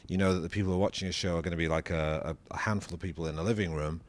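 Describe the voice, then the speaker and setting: A low-voiced man, a comedian as a guest, thinks aloud as he answers. He stops, restarts and repeats words often while working out what he means. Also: steady tone. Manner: halting, thoughtful, many restarts and repeated words. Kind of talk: interview answers.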